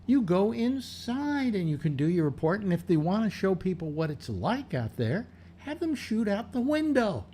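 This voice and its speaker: A man's voice: high-pitched, sing-song, moderate pace, few pauses, dark tone, slight background noise. An older man hosting a casual panel chat, rambling and sarcastic with many restarts. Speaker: radio show host.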